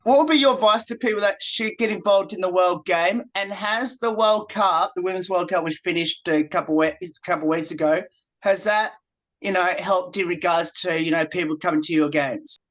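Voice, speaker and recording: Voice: mid-range voice, normal speed, fairly bright tone. Plain, direct interviewer voice. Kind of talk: interview questions. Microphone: video call.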